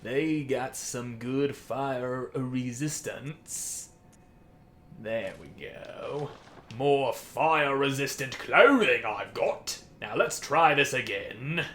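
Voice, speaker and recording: A man's voice: medium pitch, takes it slowly, a bit bright, slight background noise. A man commentating his own gameplay, trash-talking enemies with goofy, profane banter. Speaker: let's play host.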